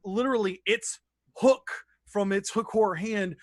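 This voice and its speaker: A man narrating as dungeon master in a streamed tabletop game, describing combat in a lively, descriptive way. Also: sits high, unhurried, no room sound, studio quality.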